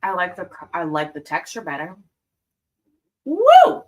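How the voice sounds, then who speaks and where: Hosting a livestream in which she reacts to court videos, a woman chats casually, giggling and savoring candy out loud as she tastes it. Her voice is low and a bit bright, with fairly even intonation and a fairly quick pace.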